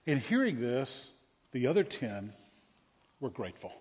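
Husky preacher in a reverberant hall. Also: male voice, medium pitch, a little slow. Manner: animated storytelling with emphatic bursts. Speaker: pastor. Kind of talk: sermon. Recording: dull lo-fi sound with long hall reverb.

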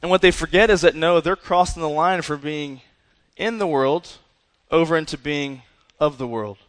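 A man preaching to young people, energetic and conversational, often asking "right?" and saying "listen". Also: fairly high pitch, normal speed, in a large hall. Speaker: youth pastor.

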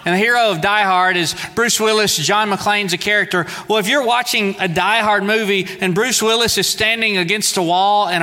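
Guy preaching in a church, kinda high bright voice, big hall echo, chatty and jokey. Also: steady tone, moderate pace, hardly any pauses. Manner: conversational preaching with playful asides. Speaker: pastor. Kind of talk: sermon. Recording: long hall reverb.

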